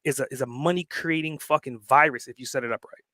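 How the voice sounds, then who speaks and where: A man's voice: medium pitch, quick pace, sharp tone, no echo. A man talking as a guest on a podcast, emphatic and fired up, swearing freely to drive his points home. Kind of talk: casual podcast conversation.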